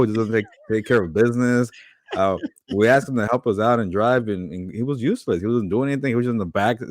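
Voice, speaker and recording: A man with a low voice trades dry, teasing banter in a casual sports chat. The sound is close and dry. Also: dry recording. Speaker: podcast co-host.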